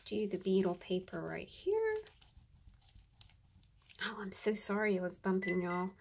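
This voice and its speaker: A woman's voice: mid-range voice, big pitch swings, unhurried, gravelly, long pauses, a little mellow, slight background noise. A woman chatting casually through a crafting tutorial, muttering to herself and often dropping to a whisper as she works. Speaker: crafter demonstrating journal pages.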